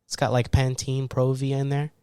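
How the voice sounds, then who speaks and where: A male podcast host tells a rambling story and jumps into loud impressions of the people in it. His voice sits at an ordinary middle pitch. The recording is close and dry, with no room sound. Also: moderate pace, smooth, no room sound. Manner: animated, acts out people with loud laughs and shouts. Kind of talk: casual storytelling monologue.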